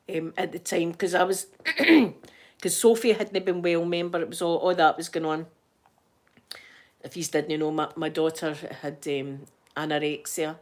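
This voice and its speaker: Scottish woman, middle-aged, rambling casual chat, laughs a lot. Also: sits low. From Scotland. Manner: chatty, rambling, laughs often. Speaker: ASMR channel host.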